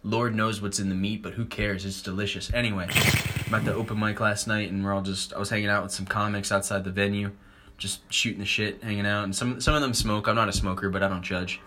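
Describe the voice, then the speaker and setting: A man's voice: fairly low pitch, level tone, fast, noisy background. A young man, a stand-up comic hosting a podcast, rambling in a laid-back, crude, joking way. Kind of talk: casual rambling comedy chat.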